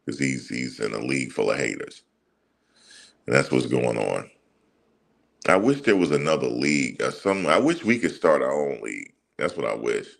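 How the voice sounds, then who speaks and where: Very deep gravelly man ranting. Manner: heated, profane, repeats himself. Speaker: sports commentary channel host. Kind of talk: casual ranting monologue.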